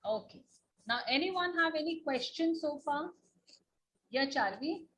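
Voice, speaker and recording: A woman's voice: sits high, lively intonation, unhurried, fairly bright tone, low-quality recording. A woman with an Indian English accent teaching an online class, patient and repetitive, checking in with "okay?" as she goes. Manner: patient, repeats points, asks "na?" and "okay?".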